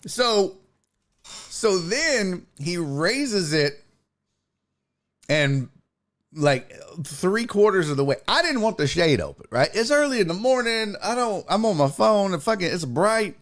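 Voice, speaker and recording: Speaking slowly in a high voice, a man hosts a sports talk podcast and tells a profane story in a casual, comedic way. He's animated and imitates the voices of the people in his story.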